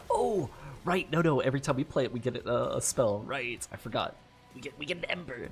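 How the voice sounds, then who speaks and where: A man's voice: medium pitch, expressive, fairly quick, gravelly, slight background noise. A man giving casual let's-play commentary on a card game, swearing often and laughing at his own mistakes in frustration. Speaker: gamer playing a card game.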